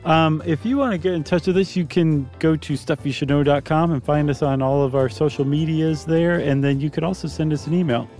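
Male podcast co-host, dark mellow tone, wry casual banter, faint music behind. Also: a little high, steady tone, fairly quick, hardly any pauses. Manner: wry, joking. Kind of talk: casual chat.

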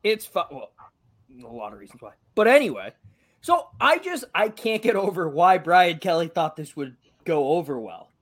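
A man's voice: high voice, big pitch swings, normal speed. A young man from Massachusetts with a light local accent, co-hosting a podcast in casual, joking chat and swearing freely. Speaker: podcast co-host.

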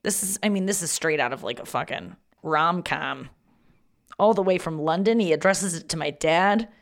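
A woman's voice: fairly low pitch, moderate pace, creaky. A woman hosting a podcast in a rambling, casual monologue, swearing freely and joking at her own expense. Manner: chatty, rambling, profane and self-mocking. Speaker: podcast host.

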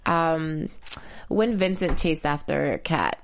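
A woman's voice: deep voice, takes it slowly. A woman with a Caribbean accent co-hosting a TV recap podcast, giggly and emphatic, acting out quotes as she talks. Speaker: podcast co-host. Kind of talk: casual TV recap chat.

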